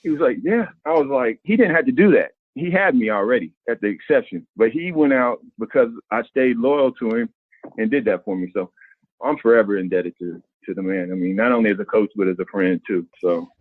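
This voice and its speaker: A middle-aged former basketball player telling stories in an interview, acting out what others said. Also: male voice, on the low side, a little fast. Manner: animated storyteller, acts out quoted voices. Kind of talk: candid storytelling interview. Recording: thin phone-like sound, dry.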